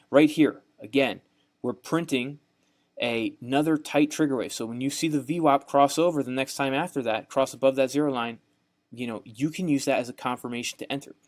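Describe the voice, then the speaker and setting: A slightly mellow, mid-range male voice with a Southern US accent belongs to a young man narrating a trading tutorial via screen share. He tends to be folksy and repetitive, with a habit of asking "right?"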